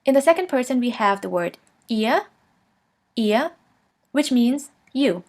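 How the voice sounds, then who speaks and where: A woman teaching a beginner German lesson, patiently saying each phrase twice in a clear, steady way. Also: fairly high pitch, normal speed. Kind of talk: slow instructional lesson, repeating each word.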